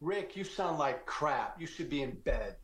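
A man's voice: a little high, expressive, a little slow, roomy sound. A male political guest from Illinois giving blunt, emphatic commentary. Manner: blunt, emphatic, repeated uhs.

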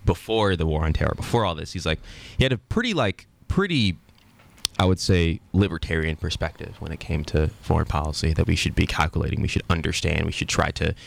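A man's voice: extremely low pitch, lively intonation, brisk, gravelly. A man joining a casual political conversation, talking loosely and filling his sentences with "like.".

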